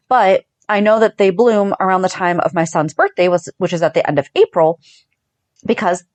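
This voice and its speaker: A woman in her thirties, a podcast co-host chatting about a soap opera, telling the story fast and acting out the lines. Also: medium pitch, no echo. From Northeastern US. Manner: chatty storyteller, acting out quotes, laughing often. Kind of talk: casual chat recapping a soap opera.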